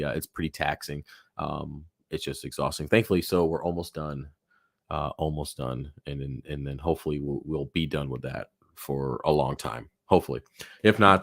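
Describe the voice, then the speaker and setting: A man hosting a live Q&A stream from his office, chatting casually and rambling with lots of fillers, his voice hoarse and going. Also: a bass voice, dry recording, clean studio sound. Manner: rambling, relaxed, many fillers and restarts. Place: home office.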